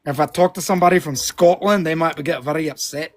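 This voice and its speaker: A man's voice: on the high side, quick pace. A man co-hosting a live stream in casual chat, joking, swearing often and laughing at himself.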